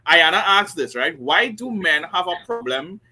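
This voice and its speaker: A man on a casual men's panel, chatty and quick to laugh. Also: high-pitched, expressive, bright, forceful tone, breathy edge.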